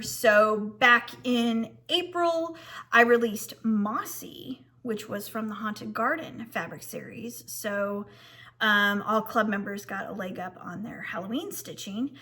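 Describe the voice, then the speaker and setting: A woman's voice: on the high side, bright, forceful tone. A woman who designs fabric and runs a shop, chatting casually to viewers with frequent ums and restarts.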